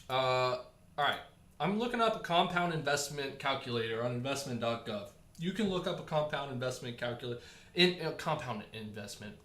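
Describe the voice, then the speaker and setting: A man hosting a casual livestream, talking in a chatty, animated way and answering viewer comments while he slowly loses his voice. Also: mid-range voice, echoey room. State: losing his voice. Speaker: livestream host.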